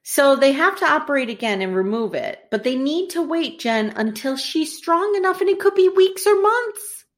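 A woman co-hosting a podcast, recapping a show in casual chat. Her pitch swoops up and down, and she sits a little high for a woman. She is animated and swears freely. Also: normal speed. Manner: animated, swearing, mimics characters while retelling. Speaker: podcast co-host.

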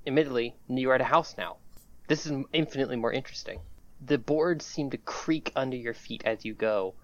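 A woman's voice: very deep voice, a little fast, no echo. A woman game master narrating a tabletop game casually, often laughing. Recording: dull lo-fi dry sound.

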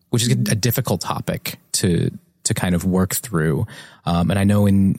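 Low-voiced, thoughtful podcast host. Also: male voice, a little mellow, dry recording, clean studio sound. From New Jersey, USA. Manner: thoughtful, measured, pauses to search for words. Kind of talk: casual podcast interview.

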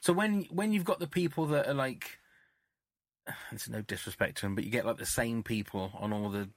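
A man's voice: mid-range voice, moderate pace, gravelly, no room sound. A man hosting a casual interview, asking questions hesitantly and repeating words as he goes. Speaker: podcast host, interviewer.

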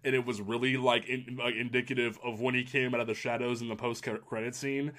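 A man hosting a casual podcast chat, talking in an excitable, rambling way with lots of restarts. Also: mid-range voice, brisk. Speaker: podcast host.

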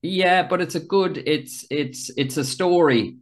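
A man's voice: fairly high pitch, unhurried. A man hosting a podcast, asking questions in an easygoing, chatty way. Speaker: podcast host. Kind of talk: casual interview chat.

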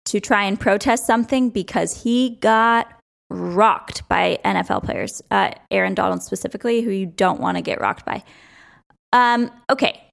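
A woman's voice: medium pitch, vocal fry. A young woman hosting a sports podcast, chatting casually with strong opinions and frequent laughs.

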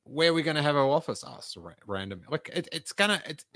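Jokey man with a bright voice. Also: a little high, lively intonation, fast, no echo. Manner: jokey, interrupting, bursts into silly voices. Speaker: podcast co-host. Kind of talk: casual chat.

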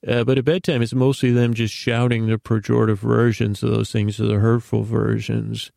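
A man hosting a bedtime podcast, rambling in a meandering, self-deprecating way with a creaky voice, often stumbling and repeating words. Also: on the low side, little pitch movement, moderate pace, hardly any pauses, dark tone, no room sound, studio quality. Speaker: podcast host.

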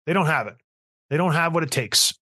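A middle-aged man holds forth on a sports podcast, his voice sitting a little higher than most men's. He rants with emphatic exasperation, piling point on point, and the recording is dry and close with no room echo. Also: lively intonation, a little fast, pushed and bright. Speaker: podcast host. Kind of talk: casual sports talk rant.

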